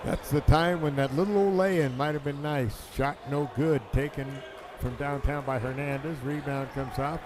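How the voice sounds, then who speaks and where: A man calling a basketball game play by play, excitable and quick in bursts. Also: on the high side, noisy background. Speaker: play-by-play announcer. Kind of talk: live basketball commentary.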